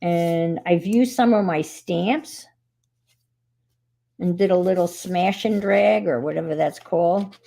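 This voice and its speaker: A woman's voice: lowish voice, takes it slowly, gravelly, dark tone. A middle-aged woman hosting a casual crafting stream, rambling cheerfully with self-deprecating asides. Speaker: crafting livestream host. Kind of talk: casual craft demonstration chat.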